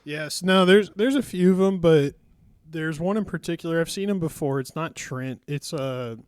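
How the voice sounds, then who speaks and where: A man's voice: fairly high pitch, moderate pace, darkish tone, clean tone, dry recording. A man co-hosting a podcast in casual chat, rambling and laid-back and laughing often. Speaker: podcast co-host. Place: podcast studio.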